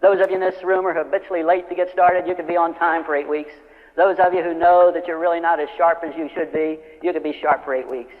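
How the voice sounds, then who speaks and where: Giving a live motivational talk in a large hall, a man speaks fast in a fairly high, level voice, telling stories and impersonating quoted customers and friends. The recording is old and lo-fi, with a reverberant hall sound.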